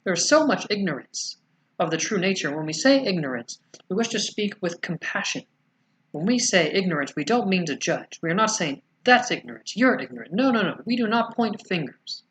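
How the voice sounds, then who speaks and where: A man channeling a spiritual message as a collective "we", speaking slowly and soothingly with gentle rhetorical questions. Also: sits high, expressive, a little hiss or hum. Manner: slow, soothing, rhetorical questions ending in "yes?".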